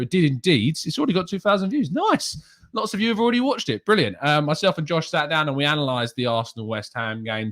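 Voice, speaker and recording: A young man hosting a casual live stream, chatting and reading out viewers' names and comments. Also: mid-range voice. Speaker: host.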